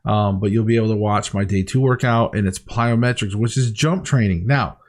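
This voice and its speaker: A man's voice: lowish voice, a little fast. A man talking candidly to camera in a diet vlog, rambling and heartfelt with frequent restarts. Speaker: weight-loss diary vlogger.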